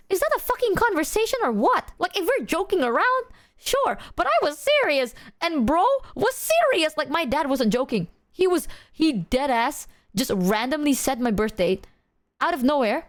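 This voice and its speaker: Woman live streamer, slightly high voice, animated, swears freely, loose casual chat. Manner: animated storytelling, heavy swearing.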